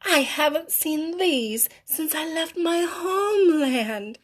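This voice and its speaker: A woman's voice: a little high, very animated, slow, full character voice. A woman reading as a solemn old shopkeeper. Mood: moved, warm. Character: old immigrant man, shopkeeper, gruff turned warm. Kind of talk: storybook read-aloud.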